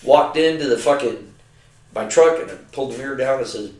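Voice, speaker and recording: A man's voice: medium pitch, normal speed. Profane older man telling army stories. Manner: profane, rambling, animated. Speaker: retired soldier telling war stories. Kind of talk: casual storytelling. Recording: roomy, distant from the mic.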